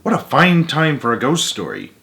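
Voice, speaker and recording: A man's voice: mid-range voice, huge pitch swings, moderate pace, vocal fry, sharp tone, pitched above the performer's own voice, exaggerated voice. A man voicing a patient, encouraging male frog who coaxes his friend and tells spooky stories. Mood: teasing.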